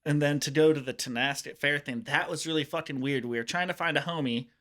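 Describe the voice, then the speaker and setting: A man's voice: fairly high pitch, fast, fairly bright tone. A man with a slightly raised voice talks as a guest in a loose podcast chat. He rambles and restarts his sentences, swearing and laughing as he goes. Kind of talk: casual storytelling chat.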